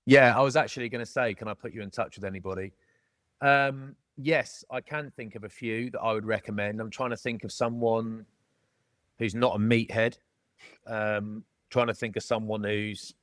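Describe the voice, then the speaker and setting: Middle-aged bloke, chatty and joking, calls everyone mate, dry dead room. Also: male voice, medium pitch, fairly bright tone, no echo. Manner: jokey, matey, calls people mate. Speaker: podcast guest, former rugby player. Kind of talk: casual storytelling chat.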